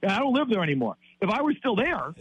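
A man's voice: high-pitched, very animated, fast talker, fairly bright tone, husky, dry recording, low-quality recording. A man in his fifties from Wisconsin, ranting in heated sports talk, exasperated and repeating himself. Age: 50s.

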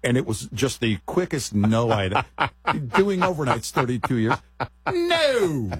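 A man's voice: mid-range voice, expressive, normal speed, slightly rough. A middle-aged man, a radio co-host, chatting casually with wry joking asides.

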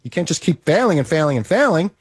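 A man delivers a motivational monologue in a slightly high voice, driving his points home through emphatic repetition. The recording is dry, with no room echo around him. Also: big pitch swings, fast talker, breathy edge.

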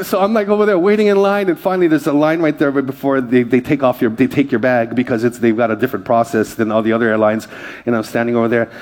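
A man's voice: mid-range voice, a little mellow, a little hiss or hum. A male pastor from Hawaii preaching a sermon, telling self-deprecating stories to his congregation. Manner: self-deprecating, jokey storyteller. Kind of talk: sermon with humorous personal stories.

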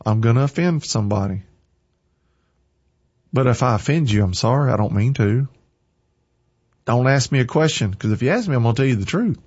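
Emphatic husky-voiced male preacher. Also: medium pitch, animated, fairly quick, pauses often, muffled recording. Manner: forceful, emphatic, repeating lines for stress. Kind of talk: sermon.

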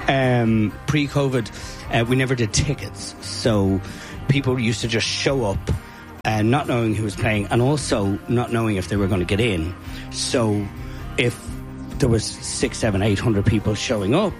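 A man with an Irish accent recounts his stories in a lively, rambling way, full of fillers and asides. His voice sits at an ordinary middle pitch. Faint music plays behind him. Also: normal speed. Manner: animated, chatty storyteller with frequent fillers. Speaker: music night organizer. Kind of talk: casual interview storytelling.

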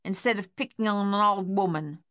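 Woman voicing a old woman, sharp-tongued, dry, unhurried, smooth tone, audiobook. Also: mid-range voice, lightly acted. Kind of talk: audiobook character voice.

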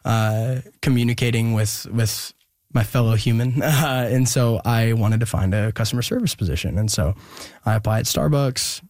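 A young man telling a personal story in an interview, halting and earnest with many pauses and restarts. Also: mid-range voice, darkish tone, dry recording, studio quality. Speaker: guest musician.

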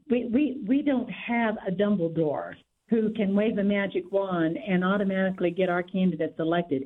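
Woman calling in over a tinny phone line. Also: mid-range voice. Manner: steady, informative, lists details. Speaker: guest, local party volunteer organizer. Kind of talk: phone-in radio interview. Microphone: telephone.

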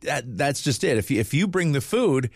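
A man's voice: medium pitch, sing-song, moderate pace, creaky, breathy edge, dry recording. A middle-aged man hosting a morning radio show, chatting casually and laughing easily as he rambles. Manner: chuckling, rambling, easygoing.

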